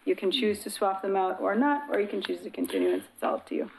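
A woman's voice: mid-range voice, huge pitch swings, vocal fry, roomy sound, background noise. A woman city planner explaining code amendments at a public meeting. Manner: explanatory, brisk at times.

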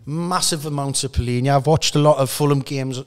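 A middle-aged man with a Geordie accent, a podcast guest telling stories in casual chat with halting restarts. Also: mid-range voice, clear, resonant tone. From Newcastle, England. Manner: relaxed storytelling, halting restarts, laughs through anecdotes. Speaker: podcast guest, former footballer.

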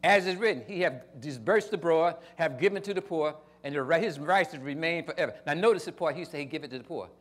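An older male pastor delivers a sermon in a fairly high voice, talking fast with hardly any pauses. He shifts from quiet storytelling into loud, emphatic bursts, keeping his phrasing casual and folksy.

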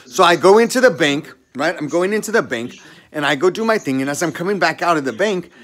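Man, slightly high voice, heated profane rambling storyteller, casual monologue. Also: animated, a little fast, a bit bright. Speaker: podcast talker.

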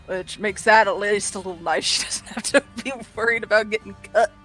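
A woman's voice: medium pitch, fairly even intonation, brisk, fairly bright tone. A woman playing a tabletop game, chatty and unsure of the rules. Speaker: player. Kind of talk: casual tabletop play. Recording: faint background music.

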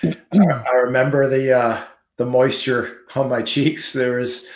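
A man's voice: medium pitch, steady tone, a little slow. A male podcast host interviewing his guest in a reflective, encouraging way. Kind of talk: conversational interview. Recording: roomy echo.

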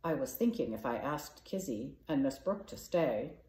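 A woman's voice: extremely low pitch, expressive, moderate pace, mellow. A woman doing a stiff old retired admiral. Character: gruff elderly retired male admiral. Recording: echoey room.

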